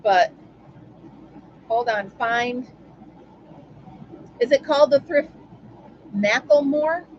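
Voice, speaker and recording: A woman's voice: high voice, takes it slowly, pauses often, dull audio, slight background noise. A woman hosting a casual live stream from home, chatting and answering viewers by name. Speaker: livestream host.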